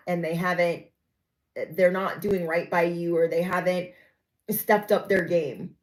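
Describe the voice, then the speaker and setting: A woman's voice: lowish voice, fairly even intonation, a little slow, poor audio. A young adult woman giving a casual, sassy spoken reading to her viewers, often acting out the people she describes. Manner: chatty, sassy, acts out quoted voices. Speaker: tarot reader.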